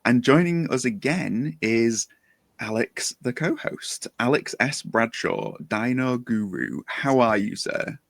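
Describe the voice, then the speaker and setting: A man's voice: mid-range voice, very animated, slow pace, creaky. A man hosting a podcast in a casual chat style, upbeat and jokey as he introduces guests. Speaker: podcast host.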